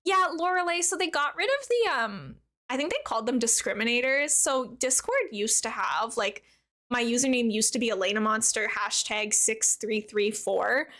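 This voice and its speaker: A woman's voice: on the high side, bright, forceful tone. A young woman in her twenties chatting casually on a live stream, bubbly and chatty as she plays and answers her chat.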